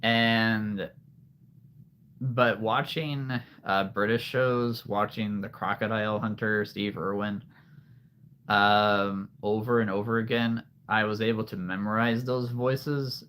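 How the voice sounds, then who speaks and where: A man's voice: on the low side, fairly even intonation, slow pace, fairly bright tone, slight background noise. A man from Nebraska, a livestream host chatting casually with viewers, laughing often. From Nebraska, USA. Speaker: livestream host showing a creature collection.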